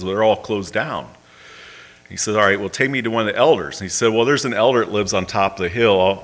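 Male preacher, low voice, earnest and halting delivery, sermon storytelling. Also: fairly bright tone. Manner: earnest, halting, many fillers and restarts. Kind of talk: sermon with storytelling and closing prayer.

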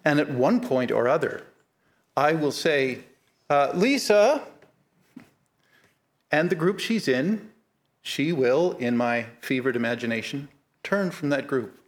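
A middle-aged man preaching a sermon, earnest and measured, slowing down to stress key points. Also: mid-range voice, animated. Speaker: pastor.

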